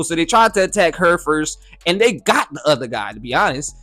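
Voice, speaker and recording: A man's voice: a little high, sing-song, brisk, few pauses, sharp tone, faint music behind. A man giving a casual, slang-filled anime reaction and review, often asking "you feel me".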